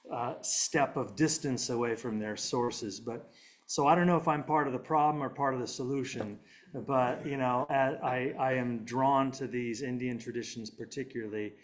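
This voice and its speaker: A middle-aged man giving a public talk on contemplative life, speaking conversationally with frequent fillers and restarts. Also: mid-range voice. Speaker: philosophy lecturer.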